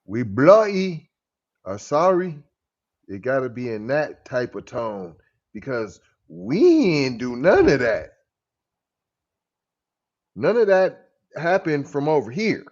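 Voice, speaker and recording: A man co-hosting a podcast, drawling and joking, his pitch swooping widely. He talks slowly, and the recording sounds dull and lo-fi. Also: sing-song, a little mellow. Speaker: podcast co-host. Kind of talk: casual reaction commentary.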